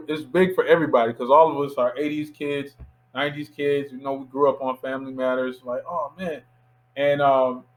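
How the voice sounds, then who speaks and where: A man in his thirties from Miami, a filmmaker guest telling a lively anecdote in a casual interview and acting out the voices of people in it. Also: medium pitch, rough recording. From Miami, USA. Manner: animated anecdote teller who acts out quoted voices.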